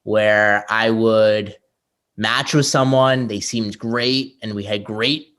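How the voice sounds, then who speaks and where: A man answering interview questions as a podcast guest, relaxed and reflective. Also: lowish voice, slow pace, smooth. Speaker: podcast guest, app founder.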